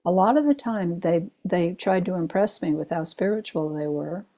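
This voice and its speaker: An older woman, a retired chaplain, giving a Zen dharma talk full of personal stories, told in an unhurried way with gentle laughs. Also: lowish voice.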